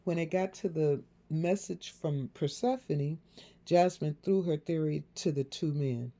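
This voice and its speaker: A woman narrating a novel in a measured storytelling delivery. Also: deep voice, dark tone. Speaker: audiobook narrator.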